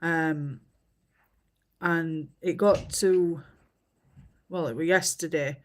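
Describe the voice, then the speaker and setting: A woman's voice: sits low, fairly even intonation, slow pace. A woman, chatting casually on a livestream and telling stories with many fillers. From England. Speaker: livestream host. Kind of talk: casual chat while colouring.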